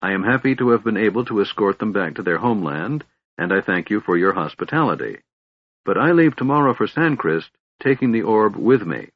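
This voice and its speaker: A man's voice: lowish voice, very animated, normal speed, slightly rough, voice pushed up, exaggerated voice. A man voicing a proud human knight who speaks in a cold, formal, unbending way. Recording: dull, lo-fi audiobook recording.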